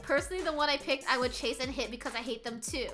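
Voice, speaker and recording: A young woman streamer with a high, bright voice chats casually while running a quiz. She laughs often, reads chat aloud and swears freely. Soft music plays faintly behind her. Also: fast talker.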